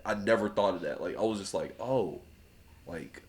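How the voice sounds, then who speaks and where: A young man, a rapper guest on a podcast, telling a story in a relaxed casual way, laughing often and acting out other people's lines. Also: lowish voice, moderate pace. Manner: laughs often, acts out voices in anecdotes.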